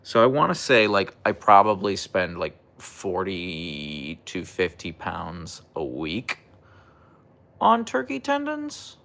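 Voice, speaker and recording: A man hosting a casual livestream, playfully talking to his husky and reading chat, his pitch jumping up when he baby-talks the dog. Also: huge pitch swings, slow pace, fairly bright tone. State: sleep-deprived. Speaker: livestream host with pet huskies.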